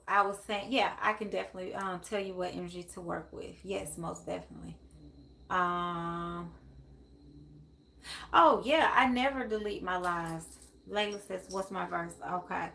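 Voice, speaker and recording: A woman's voice: mid-range voice, creaky, fairly bright tone, a little hiss or hum. A woman from Memphis hosts a live-stream spiritual reading, reading scripture and viewer comments aloud and repeating words for emphasis. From Memphis, USA.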